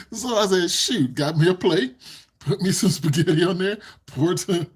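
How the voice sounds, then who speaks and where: Giggly, husky man chatting slowly. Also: high-pitched, a little mellow. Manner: giggly, laughs often between sentences; rambling, repeats himself. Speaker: livestream host. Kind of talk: casual livestream chat with viewers. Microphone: desk microphone.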